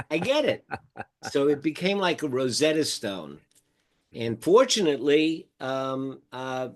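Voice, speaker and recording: An older man telling stories in a relaxed interview, acting out quoted conversations as he goes. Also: mid-range voice. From United States. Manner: animated storyteller acting out quoted dialogue. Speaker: podcast guest, mindfulness teacher. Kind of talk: casual storytelling interview.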